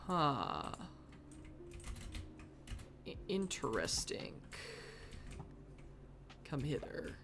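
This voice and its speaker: A woman's voice: sits low, big pitch swings, drawn-out words, gravelly, pauses often. A woman streaming live from her desk at home, muttering wry gameplay commentary to herself and easily getting sidetracked. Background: faint background music.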